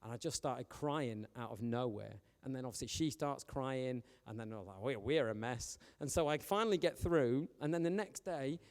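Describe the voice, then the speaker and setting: A man, a youth pastor preaching in a chatty, animated, storytelling way. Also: mid-range voice, moderate pace, hardly any pauses. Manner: chatty, animated, joking with the young audience. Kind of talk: informal storytelling sermon. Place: church hall. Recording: long hall reverb.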